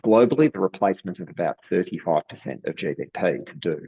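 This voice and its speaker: A deep, husky Australian man delivers prepared remarks as a webinar panelist in a measured, steady way. His voice comes through dull, lo-fi online call audio. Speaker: panelist, industry economist.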